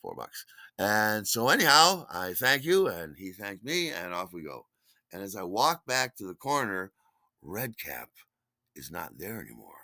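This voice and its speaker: Low-voiced man telling a rambling story. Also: measured pace, creaky, dry recording. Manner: rambling, animated, acts out others' shouts. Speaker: podcast storyteller. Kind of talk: casual spoken memoir.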